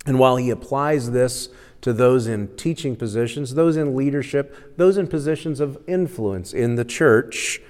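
A male pastor delivers a sermon in a relaxed, conversational storytelling style and chuckles now and then at his own humor. His voice sits at a middling pitch. A long hall reverb fills out the church sanctuary. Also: moderate pace.

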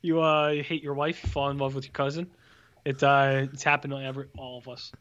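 A man's voice: mid-range voice, flat delivery, a little fast, a bit bright, highs cut off. A man co-hosting a casual movie review podcast, joking and rambling with mock exclamations. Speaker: podcast co-host.

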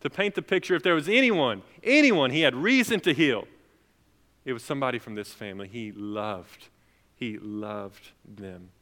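Young guy pastor preaching, gets loud then drops real soft, big echoey church sound. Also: medium pitch, animated, moderate pace. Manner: dynamic preaching, swinging between loud emphasis and soft, quiet passages. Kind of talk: sermon. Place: church sanctuary. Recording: long reverb of a large hall.

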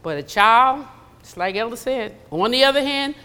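A woman's voice: fairly high pitch, expressive, moderate pace, bright, forceful tone, clear, resonant tone. A woman preaching a conversational sermon in a church, slipping into acted asides. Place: church sanctuary. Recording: long hall reverb.

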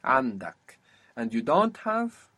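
A man teaching a language lesson, patiently drilling words and saying them slowly and clearly. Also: medium pitch, huge pitch swings, pushed and bright.

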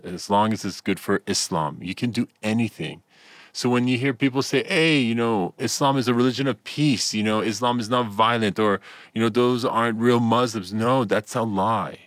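Male guest, low voice, lively storyteller acting out dialogue, lots of "you know". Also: no echo. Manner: animated storyteller, acts out quoted dialogue, many fillers. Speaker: minister inside Iran, guest. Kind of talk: radio interview storytelling.

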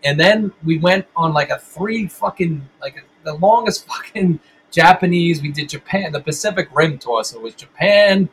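A man's voice: a little high, expressive, normal speed, fairly bright tone, husky, low-quality recording. A middle-aged man and band musician, telling stories in a casual interview with lots of swearing and rambling restarts.

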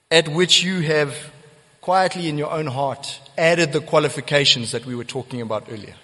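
Guy preaching a sermon, earnest and emphatic, voice a bit high, big echoey church hall. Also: bright, forceful tone. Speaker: pastor. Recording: long church hall reverb.

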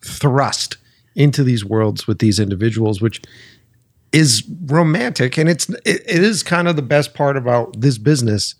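A man hosting a casual chat, enthusiastic and loose with his swearing. His voice is a little husky. His pitch moves around a lot as he talks. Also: lively intonation, normal speed, dry recording, clean studio sound. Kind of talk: casual conversation.

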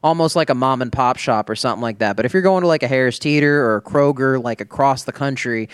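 A man's voice: medium pitch, fast, clean tone, no echo, studio quality. A man in casual podcast chat who rambles, filling his talk with "like" and curse words. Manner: rambling, full of "like" and swearing. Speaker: podcast co-host.

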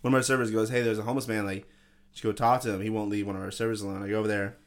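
On a podcast, a young male co-host rattles off a crude story to his friends in a fairly low, rapid-fire voice. He's animated and casual, swearing a lot and laughing all the way through.

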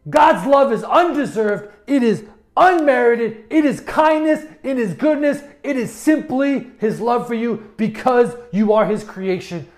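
A man's voice: very high-pitched, animated, measured pace. A man preaching a sermon with passion, often stammering and restarting his words. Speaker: pastor.

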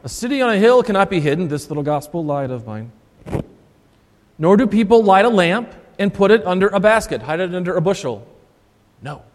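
A man's voice: high-pitched, animated, fast. A male Lutheran pastor preaching a sermon, emphatic and repeating his key phrases for stress. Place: church sanctuary. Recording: long church reverb.

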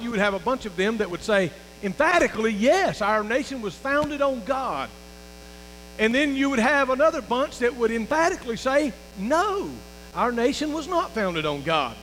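A man's voice: very high-pitched, a bit bright, in a large hall, slight background noise, low-quality recording. A man who is lead pastor, preaching a folksy sermon to his congregation and calling for amens. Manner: folksy preaching, calls for amens, restarts and fillers. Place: church sanctuary.

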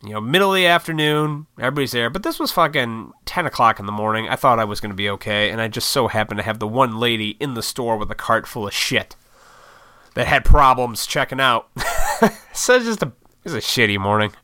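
A fast-talking vlogger with a mid-range, smooth voice that's pushed and bright tells a casual story to camera with no echo. Short on sleep, he rambles, swears heavily, and makes fun of his own impatience.

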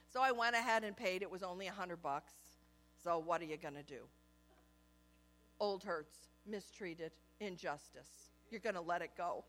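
Bright, animated woman preaching a story. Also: fairly high pitch. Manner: animated, humorous storytelling with laughter. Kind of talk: storytelling sermon.

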